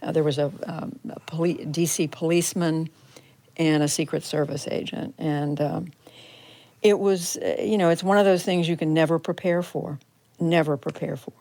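Older woman journalist recalling, low-voiced. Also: steady tone, normal speed, dark tone, no echo. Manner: reflective, recounting in detail with frequent restarts. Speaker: journalist guest. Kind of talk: radio interview recollection. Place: converted home TV studio.

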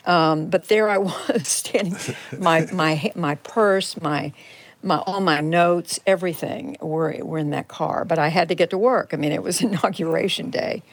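An older woman journalist, appearing as a guest in a radio interview from a converted home TV studio, recounts events reflectively and in detail, frequently restarting her sentences. Her voice is fairly low and gravelly, at a moderate pace, with no echo.

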